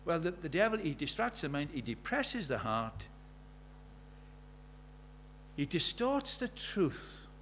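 Guy preaching a sermon, kinda high voice, lively, asks the room questions, faint hum in the background. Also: slow, long pauses. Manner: animated, rhetorical, acts out quoted voices.

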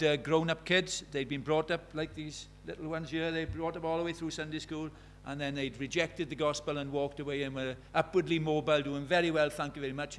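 Man preaching, fairly high voice, earnest, pressing questions, faint hum underneath. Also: a bit bright. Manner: earnest, questioning, retells conversations in quoted dialogue. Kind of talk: sermon.

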